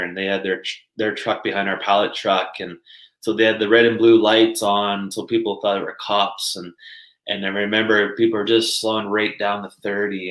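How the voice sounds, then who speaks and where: A man with a lowish, fairly bright voice guests on a podcast, casually telling stories, laughing often and using lots of fillers. The recording has a roomy echo.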